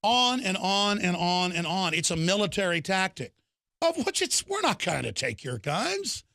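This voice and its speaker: A middle-aged man hosting a talk show, delivering a fiery political monologue that rises into shouts and slips into mocking voices. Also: sits high, sing-song, moderate pace, vocal fry, no echo, studio quality. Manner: ranting, fiery, mocking impressions, builds to shouts.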